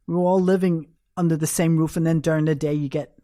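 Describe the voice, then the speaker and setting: A low, dark, steady voice belongs to an older New York woman who talks fast. In a dry, studio-quality recording, she tells candid, anecdotal stories as an interview guest and acts out each quote.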